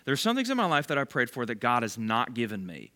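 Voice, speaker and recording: A man's voice: mid-range voice, huge pitch swings, fast, bright, forceful tone. A man leading a bible study, giving a casual, conversational sermon and quizzing his listeners by name. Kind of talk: casual sermon to a small group.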